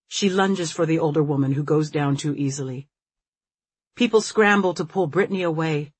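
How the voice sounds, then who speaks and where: A woman narrating a novel in the first person with measured, observant storytelling. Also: sits low, slightly rough, no echo. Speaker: audiobook narrator.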